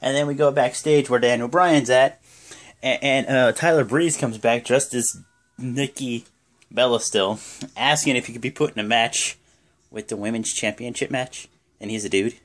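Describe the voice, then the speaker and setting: A man's voice: mid-range voice, moderate pace. A young man casually recapping a wrestling show, rambling through the action with lots of fillers and bursts of acted-out quotes. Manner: rambling play-by-play with many fillers, acting out quotes.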